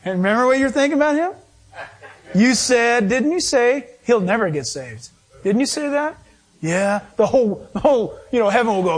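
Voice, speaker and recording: A middle-aged male pastor preaching a sermon, emphatic and animated, acting out quoted voices. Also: very high-pitched, moderate pace.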